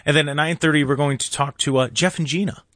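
Chatty talk radio host, dry sound. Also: male voice, on the high side, fairly even intonation, fast, a bit bright, dry recording. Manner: chatty, laughs often, mimics voices.

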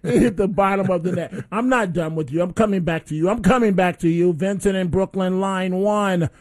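Animated talk radio host, fairly high voice. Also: male voice, fairly quick. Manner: animated storyteller.

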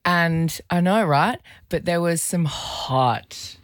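A woman co-hosting a radio show, animated, teasing and giggly. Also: on the low side, takes it slowly, no echo, clean studio sound. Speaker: radio co-host. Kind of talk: casual radio banter. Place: radio studio.

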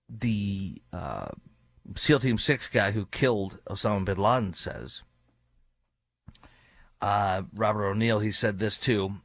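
A man's voice: fairly low pitch, fairly bright tone, no echo. A male talk show host giving opinionated commentary in a sarcastic, mocking manner, with rambling asides.

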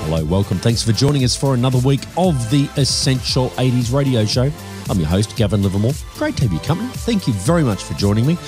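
A man's voice: mid-range voice, big pitch swings, fast talker. A man hosting a radio music show in a friendly, chatty way with fillers.

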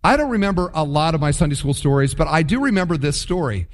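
A man teaching a Bible passage in a lively, conversational sermon, stopping to ask the listeners questions. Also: on the high side, quick pace. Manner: animated, conversational, asks the audience questions. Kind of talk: expository sermon.

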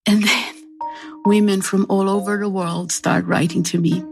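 A woman's voice: mid-range voice, steady tone, moderate pace, vocal fry, soft background music. An earnest woman talks as a guest in a radio interview. She sounds reflective and moved, and her voice sits in a mid range.

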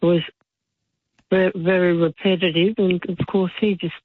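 A woman calling in to a radio show, speaking in a hesitant, halting way. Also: on the low side, level tone. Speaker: caller. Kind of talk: phone-in call to radio. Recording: tinny phone line.

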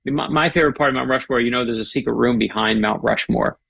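A man's voice: medium pitch, fast, creaky, husky, no room sound, dull audio. A middle-aged man, a guest author, chatting with enthusiasm and telling stories. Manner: enthusiastic, animated storyteller. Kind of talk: casual chat.

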